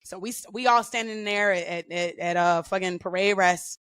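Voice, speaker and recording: Bright, animated woman telling stories. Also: medium pitch, normal speed, smooth, dry recording. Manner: profane, animated, slangy. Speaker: podcast guest. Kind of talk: casual storytelling.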